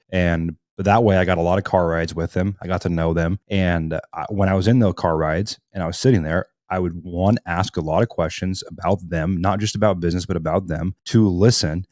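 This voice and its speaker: A young man in his twenties telling a story in a casual podcast conversation, animated and reflective. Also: deep voice, quick pace, hardly any pauses, dry recording, clean studio sound. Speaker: podcast host.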